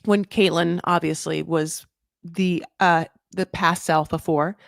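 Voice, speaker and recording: A woman hosting a casual recap chat, rambling through tangents and correcting herself, with sudden jumps up in pitch. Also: steady tone, slow, creaky, no room sound, studio quality. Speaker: recap show host.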